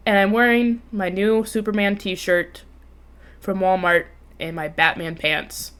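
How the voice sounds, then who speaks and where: Twenties woman, podcast host, animated storyteller, swears often, average pitch. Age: 20s. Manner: animated, swears freely, bursts into laughter. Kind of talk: casual storytelling chat. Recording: remote call, co-host audio cutting out.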